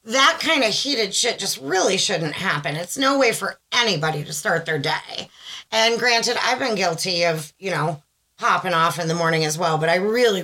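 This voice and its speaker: A woman's voice: lowish voice, poor audio. A woman co-hosting a casual mom podcast, telling stories with lots of acted-out quotes and swearing. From US South. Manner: animated storyteller, swears, acts out quotes. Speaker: podcast co-host. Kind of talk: casual chat.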